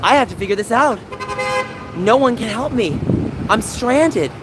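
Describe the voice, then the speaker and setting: A man's voice: very high voice, expressive, a little slow, very noisy. A man livestreaming, chatting casually with his viewers and venting in a rambling, aggrieved way. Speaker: gaming livestreamer. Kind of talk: casual livestream chat reading live chat. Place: San Francisco.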